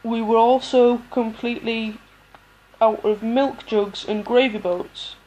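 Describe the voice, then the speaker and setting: A woman's voice: fairly high pitch, fairly even intonation, a little mellow, highs cut off. Woman reading a story at home. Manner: unhurried reading with pauses and restarts. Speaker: audiobook reader. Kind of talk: amateur audiobook reading.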